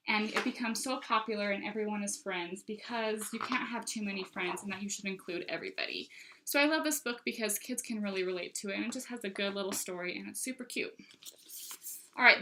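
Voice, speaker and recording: Bright, gushing young woman. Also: mid-range voice, rough recording. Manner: gushing, enthusiastic. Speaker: book consultant showing books. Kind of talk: casual product show-and-tell.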